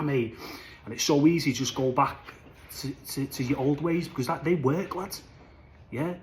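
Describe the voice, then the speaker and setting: A young man talks casually to camera in a chatty, animated way. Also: medium pitch, normal speed, long pauses, slight background noise. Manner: chatty, animated, says "lad" and "flipping" a lot. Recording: echoey room, faint ambience.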